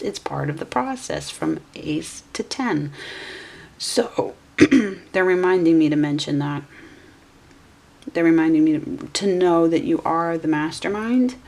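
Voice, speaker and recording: Low, gravelly-voiced woman reading tarot. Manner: musing aloud, self-correcting. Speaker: tarot reader.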